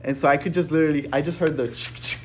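A young man casually telling a rambling, profane story to friends, peppered with "bro" and "right?"; he says he is a little high. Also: steady tone, fast, a little hiss or hum.

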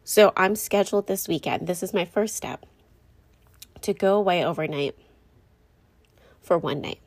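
This mom vlogger, a young woman, chats with her viewers on camera in an unhurried way, candid and slightly rambling. She often stops to correct herself partway through sentences, and her voice is lowish.

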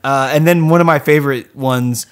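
A man's voice: medium pitch, normal speed, clear, resonant tone. A man co-hosting a casual podcast about a film, swearing freely and acting out quotes from the movie. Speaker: podcast co-host. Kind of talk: casual movie review chat.

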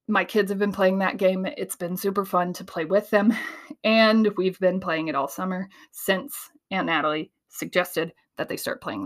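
Woman host, casual monologue, animated storyteller, laughs a lot, ideas racing. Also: mid-range voice. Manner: quick, tumbling flow of ideas.

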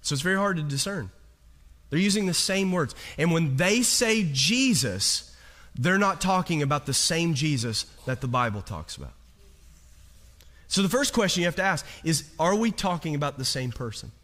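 A man pastor preaching a sermon to a congregation, animated, with rhetorical questions and humor. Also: fairly high pitch, normal speed.

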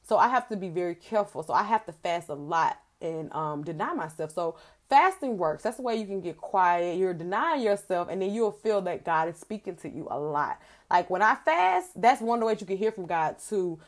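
A woman's voice: lowish voice, animated, normal speed. A woman hosting a faith podcast, talking earnestly and conversationally about prayer and acting out her own prayers as she goes. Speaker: podcast host. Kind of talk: faith teaching monologue.

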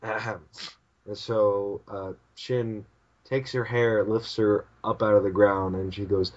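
A man's voice: on the low side, steady tone, slow pace, muffled recording. Man narrating manga panels aloud. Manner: reads out the panels aloud, putting on characters' lines with bursts of laughter. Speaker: podcast co-host. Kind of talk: casual chat, recapping a manga.

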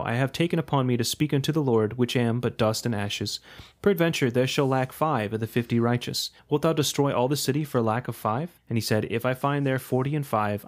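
A man, a preacher, reading archaic scripture aloud in a steady, measured way. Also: medium pitch.

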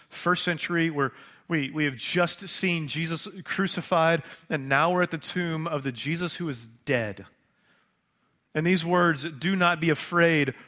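A man preaching a conversational sermon, asking rhetorical questions and pausing for effect. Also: fairly high pitch, pushed and bright. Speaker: pastor.

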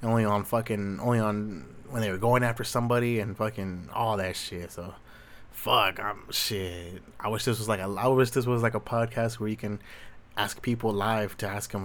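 In a lowish, fairly bright voice with a steady tone and normal speed, a young adult man from Southern California runs a solo Q&A. His casual rant wanders and leans heavily on swearing and slang.

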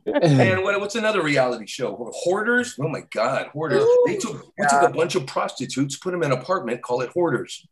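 A man's voice: a little high, huge pitch swings, a little fast. A man doing a stand-up comedy set in a club, rambling, swearing, and chuckling at his own jokes. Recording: loud crowd in a comedy club.

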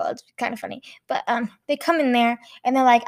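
A woman's voice: a little high, steady tone, brisk. A woman playing a rambling, silly charity founder in an improvised comedy sketch, dragging out her words.

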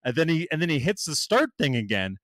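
Here a man's somewhat high voice moves at a brisk clip, captured in studio quality with no echo. Chatting casually, he tells an animated story full of swearing, imitating the people involved.

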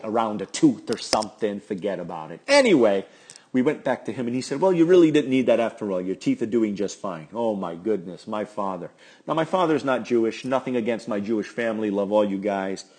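Middle-aged guy, low husky voice, rambling chatty solo podcast. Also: darkish tone. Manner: rambling, chatty and self-deprecating. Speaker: podcast host. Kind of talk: casual solo podcast talk.

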